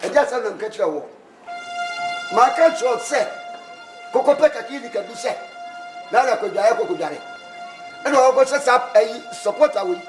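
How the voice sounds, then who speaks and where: A man with a Ghanaian accent playing a young man who argues and pleads quickly while being scolded. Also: very high voice, animated, roomy sound, over music. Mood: complaining. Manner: fast, pleading and argumentative. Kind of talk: Ghanaian film acting.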